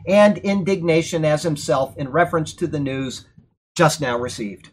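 A man teaching a Bible class in a church classroom, lecturing in a conversational, animated way and checking in with frequent okays. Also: high voice, normal speed. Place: church classroom during a thunderstorm.

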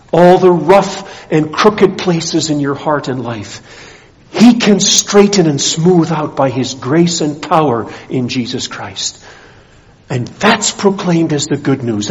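Man, pastor, sermon, lively intonation, muffled lo-fi sound. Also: medium pitch. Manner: animated preaching, rising and falling emphasis.

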